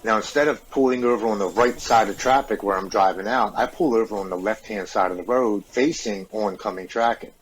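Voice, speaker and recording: Brief: man in his forties, lowish voice, earnest and open storyteller, faint hiss behind. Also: a little fast, hardly any pauses, poor audio. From United States. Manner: earnest, open, repeats words when moved. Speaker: podcast guest. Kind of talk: confessional personal storytelling.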